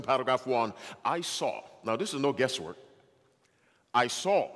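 A man's voice: fairly high pitch, fairly bright tone. Preacher guy giving a sermon, big swooping delivery, lots of questions to the crowd, long hall echo. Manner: emphatic, asks the audience questions. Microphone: handheld or stand microphone.

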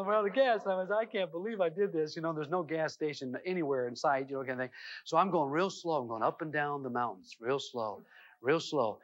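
Animated folksy man on an old VHS tape. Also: on the high side. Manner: animated, folksy, lots of fillers and restarts. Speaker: seminar speaker. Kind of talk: storytelling self-help talk. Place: seminar room. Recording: dull lo-fi VHS tape audio.

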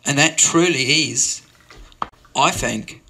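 Against slight background noise, a man speaks slowly in a bright, forceful, mid-range voice. His improvised comic monologue is an absurd, wandering open-mic story, delivered with pretend earnestness and constant tangents. It ends in a halting, filler-heavy sign-off.

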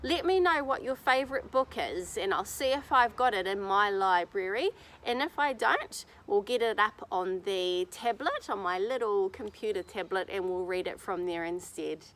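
A woman reading a picture book aloud to children outdoors in a garden, telling it with animated expression. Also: medium pitch, moderate pace, hardly any pauses. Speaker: children's story reader.

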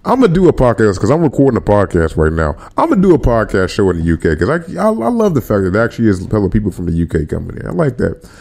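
A man's voice: on the low side, quick pace, creaky. A man hosting a podcast livestream, chatting casually with his viewers in slang. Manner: animated, slangy, talks to chat. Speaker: podcast host.

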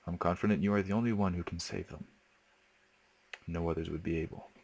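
A man voicing a calm, solemn older male spirit guide from a horror game, speaking in a measured, formal way. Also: sits low, gravelly.

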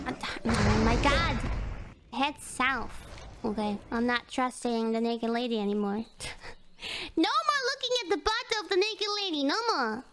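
A woman streaming a game, talking excitedly, laughing often and swearing casually as she plays. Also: sits high, moderate pace, very noisy. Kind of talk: gaming livestream commentary. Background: game music.

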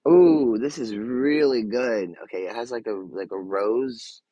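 A man in his thirties on a casual live stream, gushing and excitable, full of fillers and restarts, now and then dropping to a soft murmur. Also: fairly low pitch, a little slow, no echo, low-quality recording.

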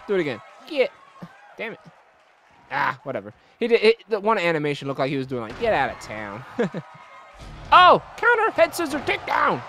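Man, high and bright, commentating a game with big yells, wildly swinging pitch. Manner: excitable, shouting, swearing. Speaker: gamer. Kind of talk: let's-play commentary.

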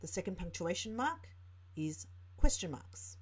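A woman's voice: fairly low pitch, big pitch swings, unhurried, husky. A woman tutor with an Australian accent, explaining a writing lesson and reading example sentences aloud. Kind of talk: teaching lesson narration.

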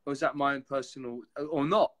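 A man's voice: medium pitch, steady tone, fairly quick, fairly bright tone. Earnest man in casual chat. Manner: earnest, rambling. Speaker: co-host.

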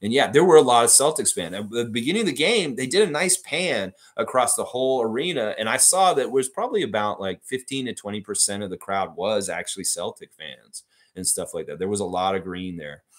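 A man's voice: on the low side, fairly quick. A man hosting a fan livestream in a casual, rambling way, reading out viewer comments and laughing readily. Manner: chatty and excitable, laughs readily, rambling asides.

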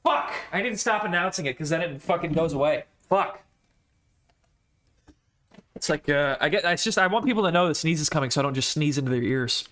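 A young man playing a game with a friend, chatting casually, swearing and yelling in mock outrage. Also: on the high side, lively intonation. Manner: loud, swearing, quick to yell in mock outrage. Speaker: gaming channel host. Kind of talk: casual co-op gameplay banter.

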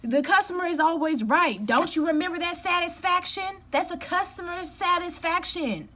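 A young woman with a high voice rants straight at the camera, blunt and emphatic. She talks casually from home, venting in a direct, no-nonsense manner. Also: moderate pace, bright, forceful tone. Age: young adult. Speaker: customer care representative.

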